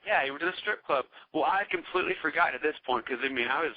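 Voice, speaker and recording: On a dull, dry podcast recording with no echo, a man from Charlotte, North Carolina, speaks in a Southern US accent, his voice a little high and racing. As a guest, he rambles through a profane story in casual, chatty fashion.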